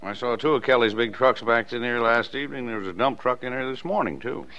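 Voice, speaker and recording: A man playing an affectionate middle-aged father in a 1950s radio drama, gently teasing. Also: medium pitch, fast, close to an everyday voice. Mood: gentle. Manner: fond, teasing. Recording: dull lo-fi old radio recording.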